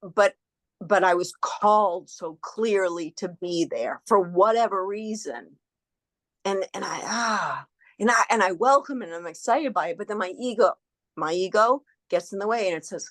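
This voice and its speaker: A woman's voice: medium pitch, moderate pace, no room sound. A woman in casual spiritual conversation, telling a story animatedly, acting out quoted voices and swearing freely.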